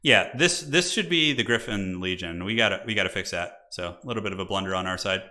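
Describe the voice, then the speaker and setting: A man's voice: deep voice, fast talker. A man casting a live game tournament on his stream, chatty and chatting with viewers as he goes. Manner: animated, chatty, talks to viewers in chat.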